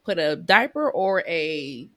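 Woman in her thirties, animated storyteller, dry close sound. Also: sits low, takes it slowly, dry recording. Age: 30s. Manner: chatty and animated, with lively storytelling. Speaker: podcast co-host. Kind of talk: casual chat.

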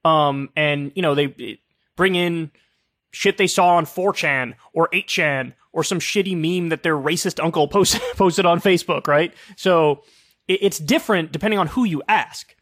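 Guy in his 30s ranting casually about politics, swears a lot, kinda high voice, dry close mic. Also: moderate pace, fairly bright tone, no room sound. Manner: casual, profane, sarcastic, lots of fillers. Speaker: political commentary show host. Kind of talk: casual solo political commentary.

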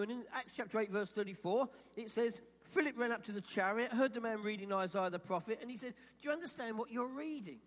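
A man from England preaching a sermon, animated and quoting imagined voices as he speaks. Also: very high-pitched, long reverb tail. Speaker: pastor.

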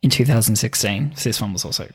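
A man's voice: fairly low pitch, fast talker, husky. A man co-hosting a podcast, telling stories in casual chat with lots of laughing and swearing. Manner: giggly, swears often. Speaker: podcast co-host.

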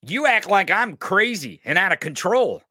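A man's voice: high-pitched, very animated, moderate pace, bright, forceful tone, husky, no room sound, studio quality. A man hosting a podcast, ranting angrily and profanely in political commentary, mocking his opponents. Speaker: podcast host.

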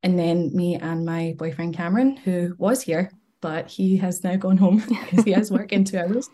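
Young woman guest, low and mellow, bubbly and quick to laugh. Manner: chatty, bubbly, laughs often. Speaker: podcast guest. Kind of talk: casual podcast chat.

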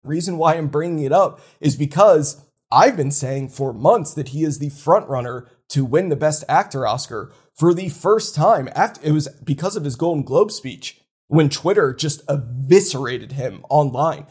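Husky man ranting about movies. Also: fairly high pitch, normal speed. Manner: animated, opinionated, worked up for fun. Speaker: co-host. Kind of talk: casual chat.

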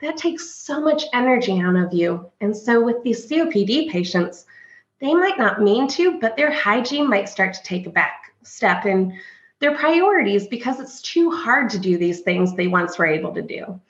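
A woman's voice: mid-range voice, big pitch swings, moderate pace. A woman hospice nurse explaining a condition in a podcast conversation, earnest and full of everyday stories, sometimes voicing what patients think. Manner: earnest, anecdotal, acts out patients' thoughts. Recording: echoey room, slightly dull sound.

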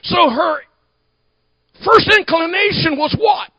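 A man preaching a sermon to a congregation, talking back and forth with them and building to shouted emphasis. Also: very high voice, very animated, moderate pace, dry recording, rough recording. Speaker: pastor.

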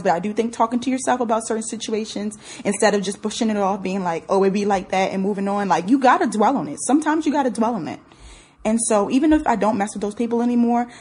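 Speaking solo and informally to her audience, this young woman is blunt and brash, swearing openly and responding with strong emotion. She has a medium-pitched, somewhat mellow voice with a breathy edge.

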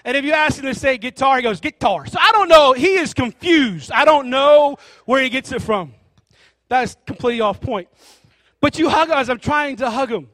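A man with a high voice preaches a sermon, telling stories and slipping into the voices of the people in them. His delivery is animated and conversational, with no room echo at all. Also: moderate pace. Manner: animated storytelling, acting out characters.

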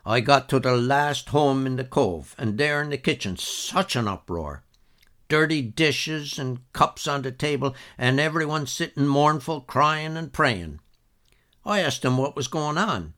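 A man's voice: medium pitch, expressive, a little slow, fairly bright tone, pitched above the performer's own voice. A man voicing an old male storyteller with a Newfoundland accent, telling a tale in folksy dialect. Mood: excited yarn.

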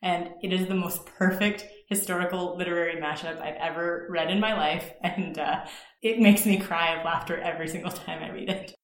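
A woman's voice: on the low side, steady tone, brisk, roomy sound. A Canadian woman hosting a podcast, chatting casually and reading an enthusiastic scripted intro. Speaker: podcast host.

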